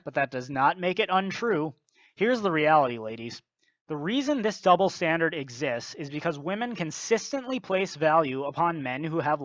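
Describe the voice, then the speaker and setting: A man's voice: sits high, a bit bright, no echo. Blunt, lecturing man with a dull dry sound. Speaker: video commentator. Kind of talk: scripted commentary.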